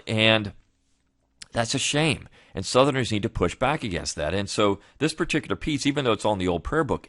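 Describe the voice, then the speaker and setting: A man's voice: fairly low pitch, a bit bright, no room sound, clean studio sound. A man hosting a weekly review show, talking in a loose, rambling way with many restarts and fillers. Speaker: podcast host. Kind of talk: casual spoken commentary.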